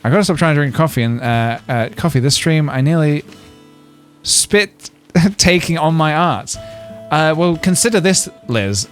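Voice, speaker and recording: A man in the middle of a casual game stream, jokey and rambling as he chats with viewers. His pitch rises and falls a lot. Faint music plays underneath his voice. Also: expressive, normal speed. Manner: playful, jokey, rambling with frequent laughs and fillers. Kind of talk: casual gameplay livestream chat.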